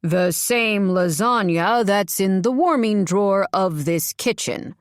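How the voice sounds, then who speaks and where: A woman's voice: mid-range voice, slow, no echo, studio quality, close to an everyday voice. A woman doing a smug, taunting older father. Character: domineering, taunting adoptive father, older man.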